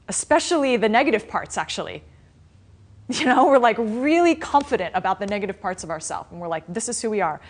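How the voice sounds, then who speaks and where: A woman spiritual teacher giving a dharma class, retelling a story in a conversational, animated way with frequent restarts. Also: mid-range voice. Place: class in a meditation center.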